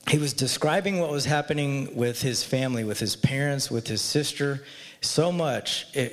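A man speaking at a church, telling a personal story in an earnest, conversational way. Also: medium pitch. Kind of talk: personal story in a faith talk. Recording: long reverb from a large hall.

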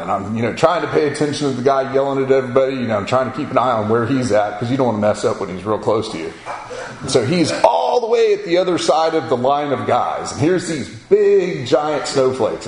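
A middle-aged man from Florida telling a folksy personal story in casual talk. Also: medium pitch. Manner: folksy, animated storytelling with acted-out quotes. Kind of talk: casual spoken memoir. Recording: echoey room with faint ambient noise.

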